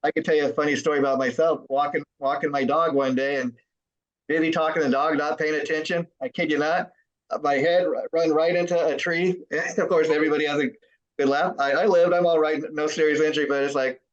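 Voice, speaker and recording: A man hosting a casual interview, agreeable and quick to chime in with yeahs. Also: a little high, fairly even intonation, highs cut off. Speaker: interview host.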